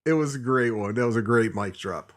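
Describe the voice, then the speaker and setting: A man's voice: mid-range voice, a little fast, no room sound, studio quality. A man co-hosting a casual podcast, thinking aloud and reconsidering his own opinions. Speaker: podcast co-host.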